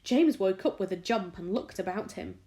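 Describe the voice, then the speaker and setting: A woman teacher reading a children's book aloud with expressive storytelling. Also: mid-range voice, moderate pace.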